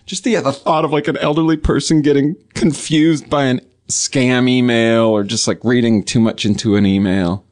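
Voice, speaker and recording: A man's voice: mid-range voice, steady tone, moderate pace, few pauses, a little mellow. A man chatting casually, often laughing and chiming in. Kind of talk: casual chat.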